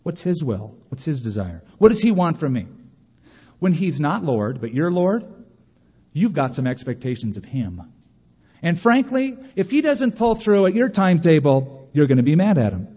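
A man preaches a lively sermon in a large hall. His voice sits a little high and rings out with a long reverb, and the sound is a bit dull and muffled. He slips into mocking, whiny voices to make a point. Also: moderate pace, husky. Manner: animated preaching, mimics whiny voices for emphasis. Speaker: pastor.

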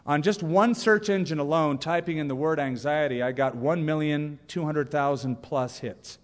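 Animated preacher man in a reverberant hall. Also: fairly high pitch, moderate pace. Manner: animated, reads quotes with humor. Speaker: pastor. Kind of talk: sermon. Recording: long reverb of a church hall.

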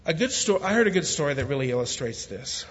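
At a quick pace, a guest pastor preaches in a large church, moving from steady scripture reading to easy jokes and rising fervor. His voice is a bit high for a man, with what he calls a country way of talking. A long reverb trails each phrase, and the audio sounds slightly dull.

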